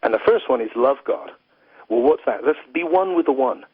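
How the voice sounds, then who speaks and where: Reflective English guest philosopher, husky voice, phone-line sound. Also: male voice, medium pitch, animated, fast talker, no echo. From England. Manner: earnest, flowing, uses "you know" often. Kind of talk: reflective interview talk. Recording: tinny phone line, dry.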